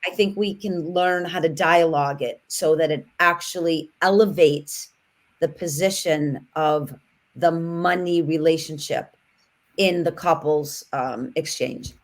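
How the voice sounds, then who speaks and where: A woman's voice: sits low, measured pace. A woman on a casual podcast, speaking reflectively and building her points in long flowing lists.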